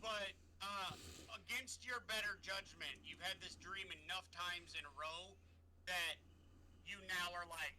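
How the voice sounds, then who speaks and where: A man narrating as game master of a tabletop game on a stream, often halting and correcting himself. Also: sits high, pushed and bright, slight background noise.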